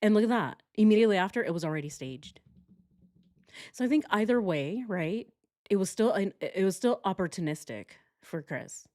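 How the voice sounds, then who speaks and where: Lively, laughing woman streamer. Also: mid-range voice, moderate pace. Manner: animated, laughs often, sarcastic. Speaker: true crime livestream host. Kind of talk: casual livestream commentary.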